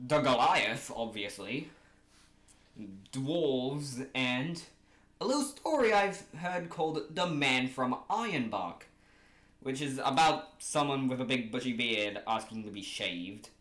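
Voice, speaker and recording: A man from Oceania chatting casually to his camera at home, rambling and joking and often correcting himself as he pitches a fan creature idea. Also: a bit bright. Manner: rambling, jokey, self-correcting. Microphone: camera mic. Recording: echoey room with faint hiss.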